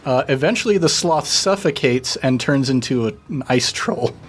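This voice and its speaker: A man playing a tabletop game, calmly and in detail describing what his character does. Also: mid-range voice, moderate pace, a little hiss or hum. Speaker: player. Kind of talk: casual tabletop game play.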